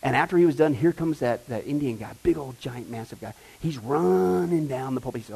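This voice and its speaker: A man preaching a sermon, telling a story with animated asides and frequent "right?" and "okay?" checks to the congregation. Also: medium pitch, brisk, gravelly, hardly any pauses, slightly rough, poor audio. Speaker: pastor or Bible teacher. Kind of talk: sermon with anecdote.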